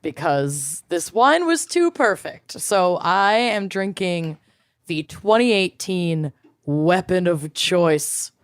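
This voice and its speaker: A playful woman co-hosting a podcast, joking her way through the chat. Her voice sits on the lower side, her delivery is slow, and the sound is close and dry. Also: lively intonation, clear, resonant tone, no room sound. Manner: playful, jokey. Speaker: podcast co-host. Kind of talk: casual chat.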